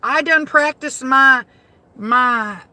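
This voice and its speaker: Woman from Michigan, high bright voice, unhurried salty car chat, livestream host. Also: no room sound. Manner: chatty, salty, laughs easily. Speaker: rideshare driver livestreaming. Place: inside a car.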